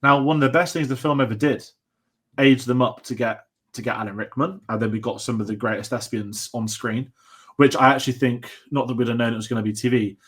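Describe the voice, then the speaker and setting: Excitable man chatting about films. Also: mid-range voice, a little fast, breathy edge. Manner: excitable, rambling, swears casually. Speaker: podcast co-host. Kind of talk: casual film chat.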